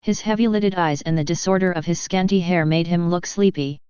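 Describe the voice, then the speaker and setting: Crisp, low-voiced woman narrator. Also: fairly quick, darkish tone, dry recording. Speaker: audiobook narrator. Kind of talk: scripted narration. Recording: slightly muffled recording.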